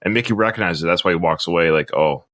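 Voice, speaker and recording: A man's voice: low voice, racing, sharp tone. A man hosting a podcast, recapping film scenes in casual chat and acting out quotes. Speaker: podcast host.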